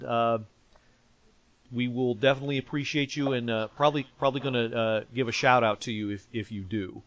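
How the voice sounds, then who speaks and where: Man, podcast host, casual rambling chat, medium pitch, muffled lo-fi audio. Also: no echo. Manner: joking, rambling, many fillers. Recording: dull lo-fi sound.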